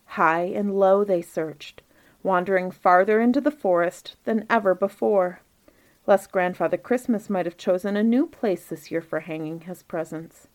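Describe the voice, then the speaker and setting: A woman reading a Christmas storybook aloud in a gentle, measured narration. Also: mid-range voice.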